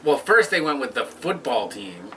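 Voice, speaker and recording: A man's voice: medium pitch, very animated, moderate pace, distant mic, noisy background. A man co-hosting a casual chat over drinks, patiently explaining sports. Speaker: podcast co-host.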